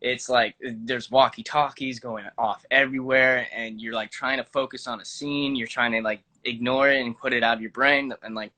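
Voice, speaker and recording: Bright-voiced young man rambling casually. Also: mid-range voice, fairly even intonation, moderate pace, hardly any pauses. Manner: rambling, many fillers and restarts. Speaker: actor guest. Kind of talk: casual interview chat.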